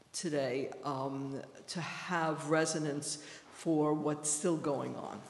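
A woman from New York with a New York accent, a history professor giving a measured, explanatory lecture and talking directly to her audience. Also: deep voice. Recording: echoey hall.

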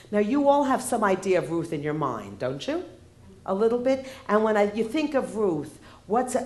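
A woman's voice: medium pitch, darkish tone. A woman giving a humorous lecture, wry in tone and often asking the audience rhetorical questions. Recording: roomy echo.

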